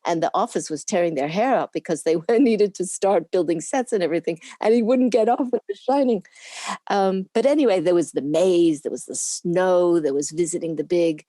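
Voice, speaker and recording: An older woman chatting through her recollections in an interview, laughing as she goes. Her voice sits low and mellow. The sound is dry, with no room around it. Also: moderate pace, no room sound. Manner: chatty, rambling, laughs often. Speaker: interview guest, camera assistant.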